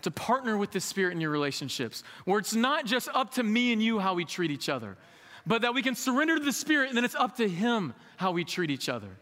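A man's voice: sits high, sing-song, quick pace, sharp tone. A male pastor giving a sermon, candid and conversational, with emphatic rises in a reverberant church hall. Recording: echoey hall with long reverb.

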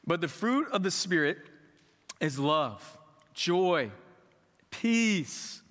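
Male pastor, high bright voice, candid conversational preaching, long hall reverb. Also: expressive, extremely slow. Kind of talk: sermon.

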